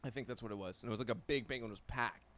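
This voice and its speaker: Dude rambling on a chill podcast, lots of like and you know, mid voice. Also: male voice, medium pitch, racing, a bit bright, no room sound. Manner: rambling, restarts, laughs along. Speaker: podcast co-host. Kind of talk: casual chat.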